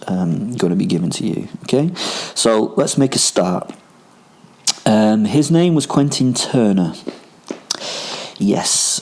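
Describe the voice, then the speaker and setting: A man's voice: lowish voice, darkish tone. A man from Rochdale with a Northern English accent, hosting a podcast and telling first-person stories as a boastful ex-soldier werewolf on the run, rambling and swearing with many ums and asides. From Rochdale, England. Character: self-styled werewolf, boastful ex-soldier on the run, male adult. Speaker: podcast host. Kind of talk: in-character first-person storytelling.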